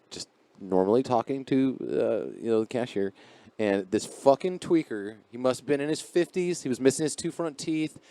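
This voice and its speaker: A man's voice: on the low side, dark tone, clear, resonant tone, no room sound. Rambling, profane podcast co-host man. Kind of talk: casual podcast chat. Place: garage.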